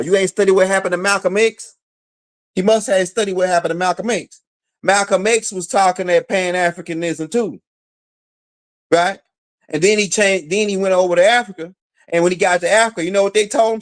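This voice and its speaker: A man giving a casual, slangy commentary monologue, challenging his target with repeated rhetorical questions. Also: sits high. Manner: casual slangy speech with fillers. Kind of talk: direct-address commentary monologue.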